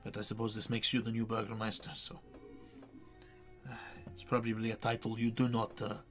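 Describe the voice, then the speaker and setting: A man's voice: lowish voice, monotone, brisk, soft background music, natural voice. A man voicing a tired, stern priest in a tabletop game, speaking in a terse, guarded way. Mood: condoling. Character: weary, stern male priest of a ruined church.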